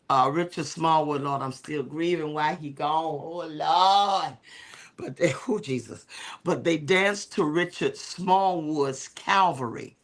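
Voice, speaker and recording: A middle-aged woman who is a bishop and co-host, telling stories in a talk show discussion in an animated, preacherly way with many fillers. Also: deep voice.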